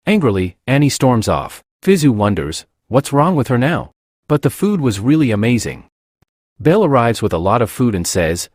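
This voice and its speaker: Lively male comic recap narrator. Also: mid-range voice, normal speed, dry recording, studio quality. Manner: reads every figure's lines in his own voice.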